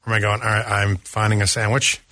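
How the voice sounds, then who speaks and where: A man's voice: lowish voice, little pitch movement, quick pace, pushed and bright, slight background noise. A man co-hosting a radio talk show, joking and chatting casually while eating on air in the studio. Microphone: studio microphone.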